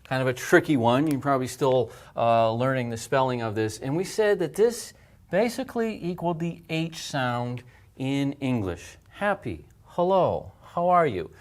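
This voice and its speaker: A man in the middle of an alphabet lesson, explaining handwriting and sounds at an even pace. He goes step by step, patient and clear, and breathes the sounds out aloud to demonstrate them. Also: mid-range voice, normal speed. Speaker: language teacher.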